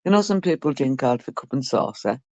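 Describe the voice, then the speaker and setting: A woman's voice: a bass voice, animated, fast talker, darkish tone, dry recording, muffled recording. A woman talking casually and bluntly to her live-stream viewers, swearing freely.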